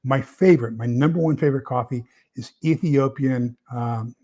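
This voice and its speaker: A prepper channel host runs a casual livestream, rambling through viewer comments with lots of fillers and repeated words. His voice is medium-pitched and warm, at a normal speed.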